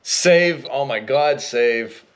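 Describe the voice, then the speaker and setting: A man's voice: medium pitch, very slow, slight background noise. Chatty man narrating gameplay. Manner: chatty, exasperated, exclaims at failures. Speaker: gameplay walkthrough host. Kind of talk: casual gameplay commentary.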